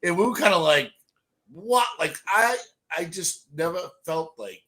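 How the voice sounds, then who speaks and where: A man co-hosting a casual podcast, telling a story in an excitable way. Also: high-pitched, unhurried. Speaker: podcast co-host.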